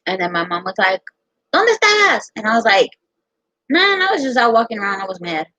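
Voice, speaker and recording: A young American woman telling a personal story in a casual, profane, animated way. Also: mid-range voice, fast talker, no room sound. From United States. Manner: profane, animated, quotes others in her own voice. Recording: dull lo-fi sound.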